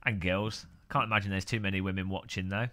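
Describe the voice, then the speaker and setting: A man's voice: low-pitched, fairly even intonation, fast, pushed and bright. A man hosting a casual live stream, rambling and joking while greeting viewers by name.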